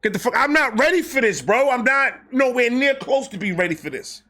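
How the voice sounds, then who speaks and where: A young man telling a casual, comedic story, animated, acting out quotes with slang and swearing. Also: very high-pitched, fairly quick. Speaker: storyteller host.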